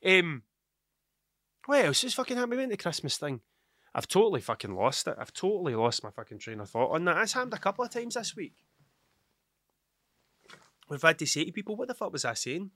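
Man, podcast host, rambling monologue, heavy swearing, bright tense tone. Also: fairly high pitch, dry recording, studio quality. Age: adult with children. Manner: rambling, heavy swearing, loses his train of thought. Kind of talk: casual solo podcast monologue.

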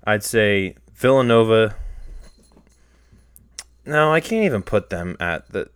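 Lower-voiced young man, ranting. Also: lively intonation, takes it slowly, smooth, no echo. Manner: rambling, heated, rises to near-yelling when retelling anger. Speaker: podcast host. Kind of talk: casual solo podcast rant.

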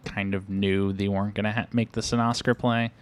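A man's voice: fairly low pitch, flat delivery, fairly quick, slight background noise. A young man chatting casually as a podcast co-host about a movie, rambling with many fillers and laughing often. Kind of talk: casual movie-review chat.

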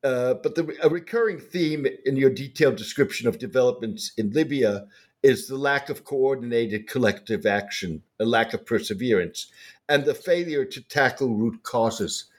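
A man's voice: mid-range voice, normal speed. A man interviewing an author, asking a careful question with a few hesitant fillers.

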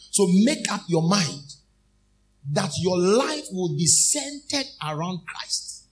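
A man's voice: fairly high pitch, expressive. Man preaching call-and-response. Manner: call-and-response, repeating phrases to the congregation; emphatic, drawn-out key phrases. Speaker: minister. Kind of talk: sermon.

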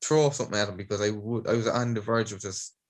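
A young Irish man hosting a podcast, telling animated stories and swearing freely. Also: fairly low pitch, fast talker. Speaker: podcast host. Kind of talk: casual chat.

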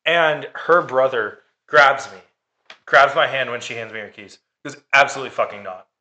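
Man, bright and forward tone, sarcastic and profane, casual storyteller. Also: medium pitch, normal speed. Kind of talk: casual chat, telling a dating story.

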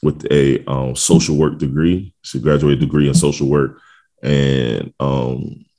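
A man's voice: extremely low pitch, steady tone, unhurried, warm tone. A man in his forties co-hosting a podcast, chatting casually in a laid-back, rambling way with lots of fillers and easy laughter. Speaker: podcast co-host. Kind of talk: casual chat.

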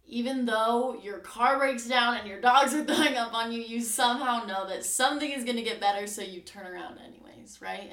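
Gravelly woman host in a roomy echo. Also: mid-range voice, fairly bright tone. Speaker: podcast host. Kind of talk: reflective faith podcast talk. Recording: roomy, distant mic.

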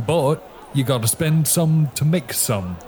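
A man's voice: a little high, animated, measured pace, a little mellow. A man in a tabletop role-playing game, playing his orc character in a bumbling, rambling way. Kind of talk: casual tabletop role-play.

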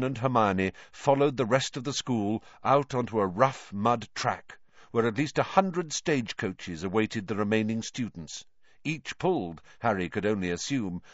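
A man reads a story aloud with animated storytelling. His pitch moves a lot, and the recording is dry, close and dull. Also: no echo. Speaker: narrator. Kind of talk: audiobook reading.

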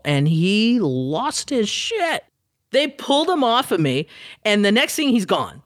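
Woman, radio DJ, animated storyteller, swearing, lively pitch, dry sound. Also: measured pace, dry recording. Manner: animated, profane, laughs while telling. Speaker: radio DJ guest. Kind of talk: storytelling anecdote.

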